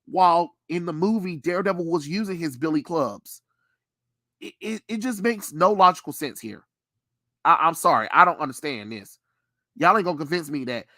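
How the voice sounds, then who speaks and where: A man hosting a casual pop culture chat, ranting with animated energy and plenty of swearing. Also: on the high side, dry recording, clean studio sound. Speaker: podcast host.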